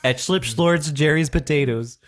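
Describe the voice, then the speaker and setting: A woman doing an odd diner owner in a very low voice. He is earnest and deadpan, and keen to please his guest in an improv scene. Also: unhurried. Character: eccentric diner owner, a man. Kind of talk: improvised comedy.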